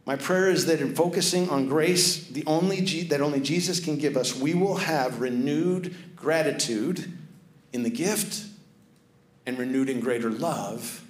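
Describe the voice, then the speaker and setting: A man giving a sermon. He tells a lively personal story, then drops to hushed, earnest tones. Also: a little high, a little slow. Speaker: pastor. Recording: echoey room.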